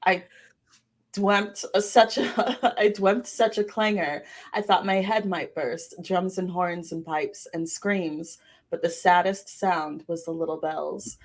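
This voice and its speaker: Creepy old seer woman with a mock Boston lilt, slow, low, drawn-out reading of dark dreams, as a woman puts her on. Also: fairly even intonation. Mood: eerie. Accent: put-on Boston accent. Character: ancient female seer reciting eerie prophetic dreams.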